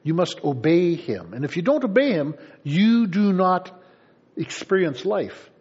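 A man's voice: high-pitched, big pitch swings, unhurried, darkish tone, husky, muffled recording. A man preaching a sermon in a conversational way, with playful asides to the congregation. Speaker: pastor.

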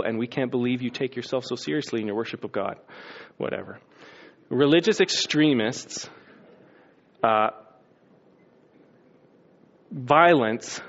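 A man preaching a sermon as a pastor, telling the story with lively acted-out scenes and sound effects. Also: medium pitch, muffled recording.

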